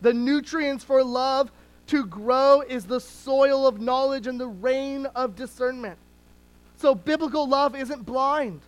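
A preacher and parent giving a sermon in a conversational teaching tone, with small restarts, slowing down to stress key words. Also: sits high, poor audio. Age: adult parent.

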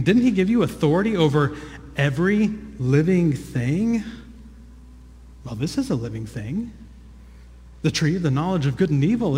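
A man voicing a cunning male serpent who coaxes with smooth, reasonable-sounding questions. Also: high voice, fairly bright tone. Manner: smooth, persuasive, rhetorical questions. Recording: long reverb of a large hall.

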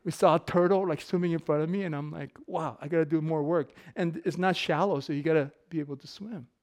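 A man's voice: on the high side, fast talker. A middle-aged man giving a casual sermon full of personal stories, joking and laughing often. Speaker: pastor.

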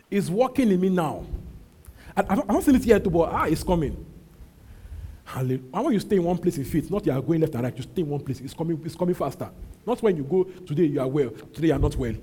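Husky pastor preaching with emphasis. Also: male voice. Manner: emphatic, repeats phrases, swings between loud calls and low asides. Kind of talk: sermon.

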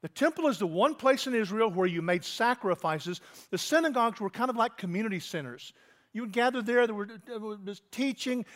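A man with a notably high voice delivers a sermon in a relaxed, conversational way. He is a middle-aged pastor who keeps turning to his listeners with direct questions. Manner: conversational, asks the congregation questions.

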